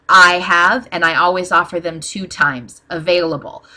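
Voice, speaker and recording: Woman, bright and lower-pitched, explaining a screen tutorial in a practical tone. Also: fairly even intonation, measured pace. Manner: plain, practical, many "um" fillers. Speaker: small business owner teaching ad posting. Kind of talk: casual screen-share tutorial.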